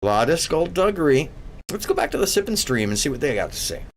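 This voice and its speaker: Sex: man. Role: streamer host. Style: casual reaction commentary. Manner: rambling, profane. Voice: high, gravelly. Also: very animated, fast, a little hiss or hum.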